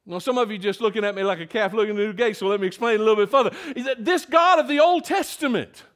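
An older man preaching a sermon in a folksy, emphatic way that builds to loud peaks. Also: high-pitched, fairly even intonation, racing, clean tone.

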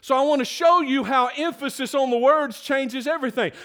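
High-voiced folksy older preacher man. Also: brisk. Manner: folksy and emphatic, building to loud peaks. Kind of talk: sermon.

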